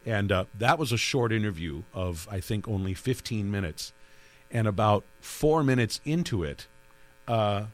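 A man's voice: lowish voice, animated, normal speed. A man who hosts a radio interview show, telling stories about his work in a rambling way with many restarts. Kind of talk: conversational interview.

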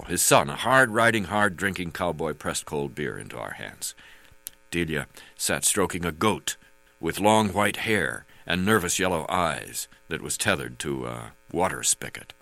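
A man reading his memoir aloud as narrator, halting with frequent fillers. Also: low voice, gravelly, pushed and bright, no room sound.

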